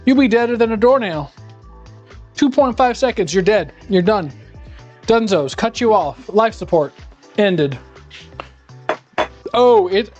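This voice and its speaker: A man's voice: high-pitched, animated, unhurried, long pauses, darkish tone, lo-fi sound. A man rambling sarcastically and animatedly in casual chat while he cooks live in his home kitchen. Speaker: live-streaming home cook. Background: faint music.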